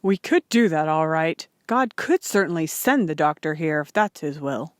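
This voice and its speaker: A woman's voice: low-pitched, expressive, moderate pace, dry recording, clean studio sound. A woman reading aloud, voicing an earnest, anxious farmer father in a plain, near-natural voice.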